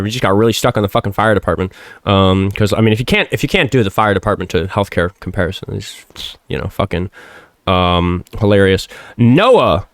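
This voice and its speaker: A man from Minnesota hosting a livestream talk show, swearing a lot, yelling at a caller and then mumbling through donation messages, his voice hoarse from shouting. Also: no echo, studio quality. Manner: profane, combative yelling then low mumbling. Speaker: show host.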